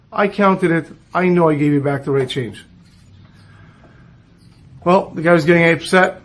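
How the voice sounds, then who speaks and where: A rabbi telling a story to listeners, acting out the dialogue of the people in it. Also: male voice, sits high, moderate pace, long pauses. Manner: animated storyteller who acts out dialogue. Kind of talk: storytelling talk.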